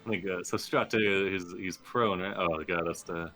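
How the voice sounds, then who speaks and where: A man playing a tabletop game, tossing in quick, casual remarks in a low voice. His tone is bright and forward. Faint music plays underneath. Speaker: player.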